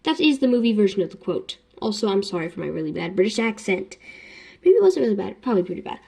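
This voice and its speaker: A woman's voice: mid-range voice, big pitch swings, fast, gravelly, dark tone, husky. A young woman vlogger chatting casually about books. She rambles with self-deprecating jokes. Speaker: book vlogger. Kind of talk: casual chat.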